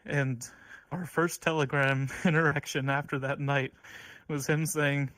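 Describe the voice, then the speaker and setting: A man giving an earnest, heartfelt eulogy at an online gathering, sometimes halting. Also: a little high, little pitch movement, a bit bright, no room sound, rough recording. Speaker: eulogy speaker.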